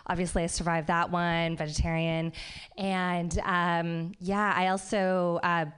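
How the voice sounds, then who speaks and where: A woman doing a stand-up set on a comedy club stage, wry, with animated mock outrage. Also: on the low side, unhurried, clear, resonant tone.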